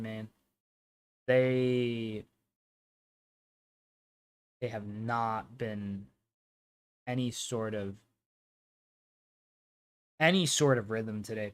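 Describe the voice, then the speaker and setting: Young man, casual slangy football watch-along, mid pitch, loud excited bursts. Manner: casual slangy chat, bursts loud and high at match action.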